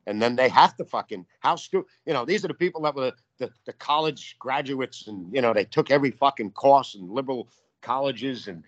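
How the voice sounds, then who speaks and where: A man's voice: medium pitch, brisk, dry recording, highs cut off. A man from New York, a guest artist, talking in a casual interview in a profane, fired-up, rambling way.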